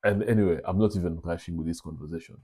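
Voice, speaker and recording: A young man tells a story to his audience in an animated, confiding way, calling them brothers. His voice is low and dark, with a husky edge. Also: very fast. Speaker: vlog host. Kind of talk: casual storytelling monologue.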